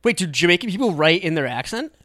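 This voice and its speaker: A young man co-hosting a casual comedic podcast, easygoing and quick to laugh along. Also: high voice, big pitch swings, a bit bright, no echo, clean studio sound. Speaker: podcast co-host.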